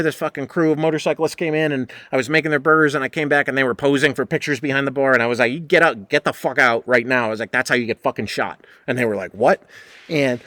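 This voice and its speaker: A man in his forties hosting a podcast, telling a story in a casual, profane, animated way and acting out the other people's voices. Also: mid-range voice, no echo, clean studio sound. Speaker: podcast host.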